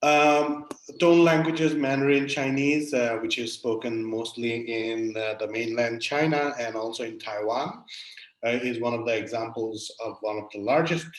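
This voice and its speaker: A man giving an academic webinar lecture, explaining step by step with many pauses and fillers. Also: mid-range voice. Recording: echoey room.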